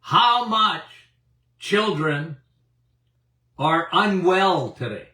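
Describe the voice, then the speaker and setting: This is an older man in his seventies, a doctor talking health to his audience, leaning hard on repeated phrases and breaking into chuckles. His voice sits high and bright, and he takes his time. The mic is set back from him, so the sound carries the echo of a roomy space. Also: expressive, very slow, recorded from a distance. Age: 70s. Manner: emphatic and repetitive, with chuckles. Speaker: doctor hosting a health show. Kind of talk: animated health talk to an audience.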